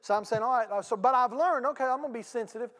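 A pastor with a notably high voice tells a story from the pulpit, folksy and animated, talking straight to his congregation. His voice rings out with a long reverb from a big church hall. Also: rapid-fire. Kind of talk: storytelling sermon. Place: church sanctuary.

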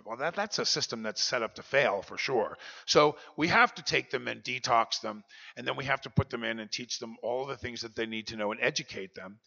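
Brief: confessional keynote speaker, man, bright edgy voice, reverberant hall. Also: medium pitch, vocal fry. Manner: earnest, confessional storyteller. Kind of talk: personal recovery talk. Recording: dull lo-fi recording, long hall reverb.

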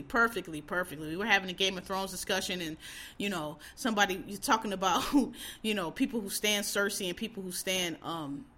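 Bright-voiced woman ranting profanely. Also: mid-range voice. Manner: profane, animated, exasperated. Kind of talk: casual opinion rant.

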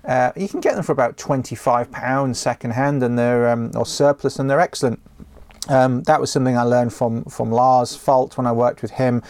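A man's voice: medium pitch, steady tone, moderate pace, darkish tone, no echo. A man hosting a questions show from his home office. He talks in a chatty way, full of ums and restarts. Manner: chatty, with frequent ums and self-corrections. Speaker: host answering viewer questions. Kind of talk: casual solo talk.

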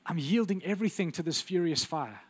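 A man preaching a sermon with intense, urgent delivery that drops to quiet, intimate asides. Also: on the high side, lively intonation, a little fast, husky.

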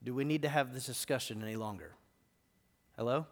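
A man's voice: mid-range voice, a little fast, pitched below the performer's own voice, natural voice. A man acting out God, who presses a wayward prophet with stern yet loving questions. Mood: pressing. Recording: long reverb in a live hall.

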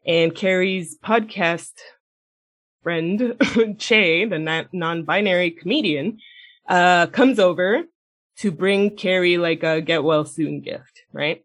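A woman co-hosting a casual podcast, recapping a TV episode in a blunt, animated way, swearing a lot and laughing as she talks. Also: on the low side, slow. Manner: laughs often mid-sentence. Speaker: podcast co-host. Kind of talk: casual chat, retelling a TV episode.

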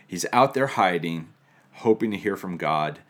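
Deep-voiced male preacher. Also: animated, unhurried, a bit bright. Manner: reflective, lightly humorous teaching. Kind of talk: sermon on scripture.

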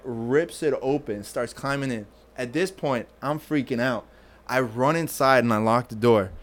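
A man telling a wild story in casual chat, swearing freely and acting out quotes. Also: medium pitch. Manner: animated, profane, acts out quotes in raised voice.

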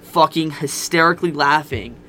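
A man's voice: a little high, moderate pace, bright, forceful tone. A young man casually telling a candid, profane personal story on a podcast. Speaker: podcast guest.

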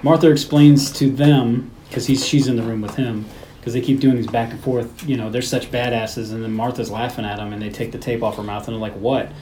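A man recounting a film's plot scene by scene for his podcast cohosts, slipping into the characters' lines as he goes. His voice sits at an ordinary middle pitch. A faint hiss runs under the recording. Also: fairly quick, rough recording. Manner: animated retelling, acting out movie lines. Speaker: podcast host. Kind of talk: casual movie recap chat.

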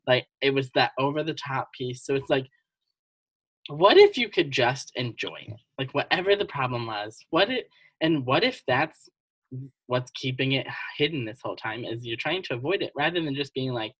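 A podcast co-host telling personal stories in casual chat, animated and laughing often. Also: medium pitch, normal speed, husky, no echo, rough recording.

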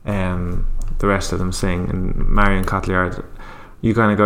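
A man co-hosting a film podcast, talking casually and insistently, quick to laugh. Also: low-pitched, little pitch movement. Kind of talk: casual chat.

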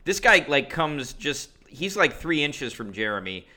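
A man's voice: a little high, very animated, measured pace, bright, forceful tone. A man in casual chat, telling a story in a loose, rambling way. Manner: storytelling, acts out other people's voices.

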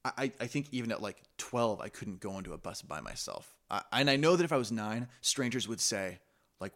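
A man co-hosting a podcast, talking in an animated, excitable, joking way. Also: lowish voice, brisk. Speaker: podcast co-host. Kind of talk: casual review chat.

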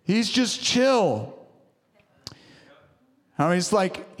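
A man's voice: high-pitched, big pitch swings, drawn-out words, long pauses. A man preaching a sermon in church, fervent and exhorting, often urging the room on. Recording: long reverb of a large hall.

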